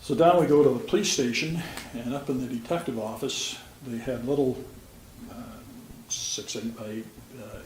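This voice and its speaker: A man's voice: mid-range voice, darkish tone. An older man, a retired police officer, telling stories from his career in a plain-spoken, folksy way with dry humor. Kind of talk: storytelling. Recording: roomy sound with faint background noise.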